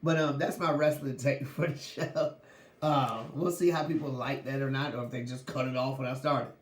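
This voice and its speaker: A man's voice: mid-range voice, fairly even intonation, normal speed, roomy sound. A man hosting a sports podcast, talking casually with lots of slang and laughing as he goes. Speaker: podcast host.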